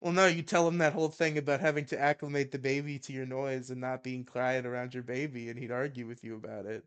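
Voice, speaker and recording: A man's voice: medium pitch, flat delivery, quick pace, clear, resonant tone. A young man hosting a casual podcast chat, joking, swearing and laughing often. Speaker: podcast host.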